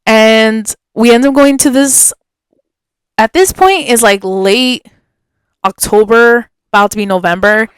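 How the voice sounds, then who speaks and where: Young woman podcast host, smooth higher voice, chatty storytelling w lots of "like", dry close sound. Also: unhurried, dry recording. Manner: animated, chatty, laughs often, many "like" fillers. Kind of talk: casual storytelling.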